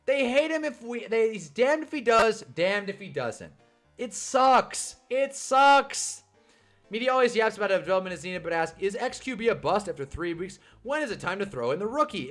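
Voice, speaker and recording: A man's voice: high-pitched, expressive, fairly quick, a bit bright, soft background music. A young man hosting a casual live stream, ranting about football and reading chat comments, swearing and laughing often. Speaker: livestream host reading chat.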